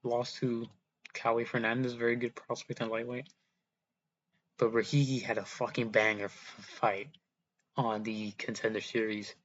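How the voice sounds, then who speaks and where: A man's voice: mid-range voice, little pitch movement, normal speed, a bit bright. Casual rambling young man, slightly muffled. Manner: rambling, self-correcting, swears casually. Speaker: MMA predictions YouTuber. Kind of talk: casual fight breakdown monologue.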